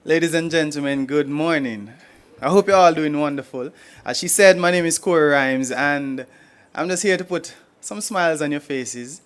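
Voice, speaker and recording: A man's voice: a little high, normal speed, clear, resonant tone. A Jamaican man performing humorous poetry at a live forum, playful and rhythmic, switching into Patois and chuckling between lines. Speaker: poet performer.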